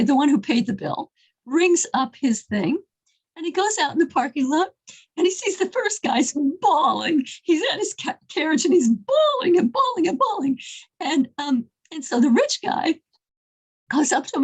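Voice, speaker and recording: A woman casually telling an inspirational faith story, animated and often restarting her phrases. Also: high voice, normal speed, poor audio.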